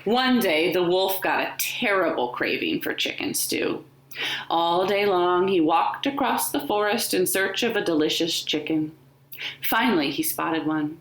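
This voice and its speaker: A children's librarian reads a picture book aloud to young children, taking her time and staying gentle. Her pitch rises and falls freely, and the room around her voice is echoey. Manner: slow, gentle and expressive. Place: home living room.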